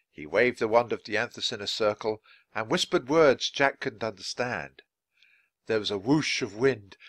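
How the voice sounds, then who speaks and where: A man reads a children's chapter book aloud at a natural pace for English learners. His reading is clear and expressive, with lively rises and falls. The recording is close and dry. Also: medium pitch, dry recording. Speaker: storybook reader.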